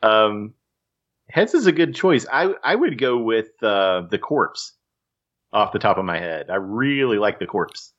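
Low-voiced man, muffled podcast audio. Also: measured pace. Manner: relaxed, rambling with fillers. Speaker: podcast host. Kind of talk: casual podcast chat.

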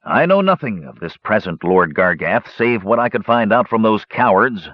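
A man voicing a proud, gruff old male dwarf warrior in an audiobook, with a scornful manner. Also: lowish voice, lively intonation, normal speed, no echo, muffled recording.

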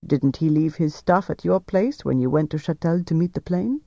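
A smooth, calculating officer questions a prisoner in a gentle, coaxing tone, as a man reading a novel puts him on. The voice is mellow and dark, recorded dry and slightly dull. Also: a little high, lively intonation, moderate pace, dry recording. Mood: probing. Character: cool, calculating male officer interrogator.

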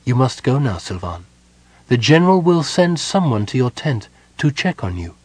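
A man voicing a calm, devout young woman prisoner who speaks softly but firmly. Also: medium pitch, moderate pace, breathy edge, dry recording, voice pushed up. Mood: serene.

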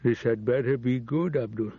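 A brusque middle-aged ambassador who snaps his questions and demands answers, voiced by a man reading an audiobook. His voice is dark and husky, and the tape sounds muffled and dry. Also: mid-range voice, moderate pace, no room sound. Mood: irritable. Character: curt, impatient middle-aged male ambassador on the phone.

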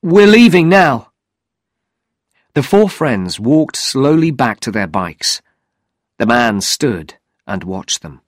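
Slow, lively-toned male narrator for a learner's storybook, dry close sound. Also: on the low side, no echo. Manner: slow, clear and deliberate. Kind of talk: scripted narration of a graded reader.

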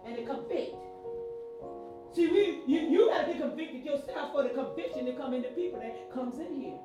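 High-voiced woman preaching fervently. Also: expressive, moderate pace. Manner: fervent, rising to shouts, repetitive call-outs. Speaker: pastor. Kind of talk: sermon. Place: church. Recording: echoey room from far off, music behind.

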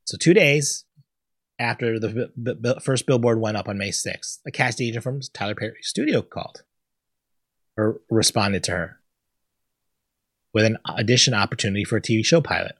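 Husky, blunt, ranting man host. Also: lowish voice, normal speed, long pauses, a bit bright, no room sound, clean studio sound. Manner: blunt and ranting, swears freely. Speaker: podcast host. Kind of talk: casual solo commentary.

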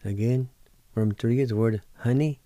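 A middle-aged man hosting a language lesson, spelling words letter by letter and repeating each one slowly. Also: medium pitch, mellow, no echo. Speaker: radio host teaching words. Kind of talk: slow word-by-word language lesson.

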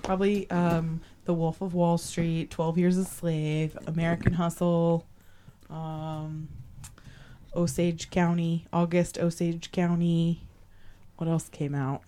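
A woman's voice: lowish voice, flat delivery, takes it slowly, mellow, slight background noise. A woman co-hosting a podcast in casual chat, giving short, dry replies. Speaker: podcast co-host.

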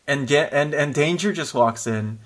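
A man's voice: on the high side, moderate pace. Laughing man in casual comic-book chat. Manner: animated, laughs often, restarts sentences. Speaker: podcast co-host discussing comics.

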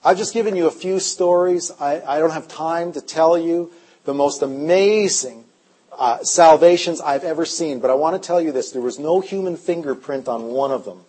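A man preaching a revival sermon, telling stories in an animated way, his voice swinging between loud and hushed. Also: a little high, normal speed, slightly rough. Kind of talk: storytelling sermon.

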